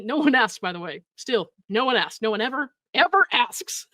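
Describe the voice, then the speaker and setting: A sarcastic woman hosts a reaction commentary, picking apart messages with incredulous jabs and bursts of laughter. Her voice sits a little high and sounds dry and close, with no room around it. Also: big pitch swings, normal speed, a bit bright, no echo. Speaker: commentary host.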